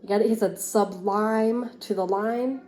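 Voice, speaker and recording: A woman teacher reading a picture book aloud to a class with expressive, lively storytelling, then explaining an activity. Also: medium pitch, unhurried, roomy sound.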